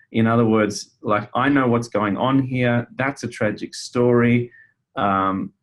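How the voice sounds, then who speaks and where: A man presenting a webinar in a conversational way, a counselor who talks with fillers and restarts. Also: mid-range voice. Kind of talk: casual webinar teaching.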